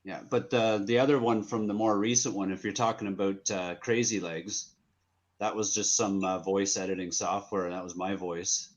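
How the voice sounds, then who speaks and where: A man's voice: fairly low pitch, fairly even intonation, normal speed. A man talking as a guest on a livestream, friendly and explaining his process at length. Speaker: guest stop-motion creator. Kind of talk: casual livestream chat.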